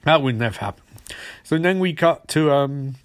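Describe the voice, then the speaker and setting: A man hosting a show, rambling through a casual, sarcastic episode recap with quick asides. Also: fairly high pitch, lively intonation.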